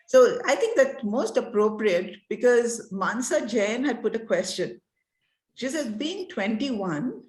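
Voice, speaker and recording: A woman's voice: mid-range voice, reverberant, low-quality recording. A woman moderating an online panel discussion over a video call, upbeat and coaxing.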